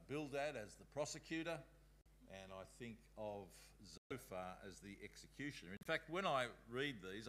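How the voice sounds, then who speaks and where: Man teaching a bible class, chatty, reads bits of scripture out loud. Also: mid-range voice, slight background noise. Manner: conversational, reads passages aloud. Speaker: Bible school speaker.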